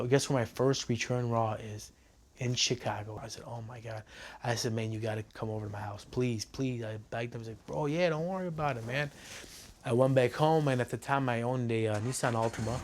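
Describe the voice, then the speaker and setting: A man's voice: medium pitch, steady tone, brisk, a little mellow, slight background noise. A man telling his own story in a documentary interview, retelling conversations in a loose, filler-laden way.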